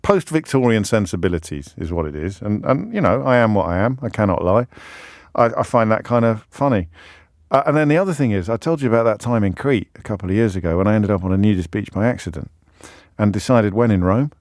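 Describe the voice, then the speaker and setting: Radio host, English man, wry and self-mocking, lively swinging delivery, dry close studio sound. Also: lowish voice, quick pace, dry recording. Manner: wry, rambling, self-mocking, searching aloud for words. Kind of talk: talk radio monologue.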